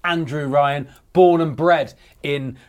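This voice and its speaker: A man's voice: a little high, fairly even intonation, takes it slowly. A man hosting a comedic football podcast, teasing his guests. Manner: teasing, jokey. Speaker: podcast host. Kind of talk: comedic football panel chat.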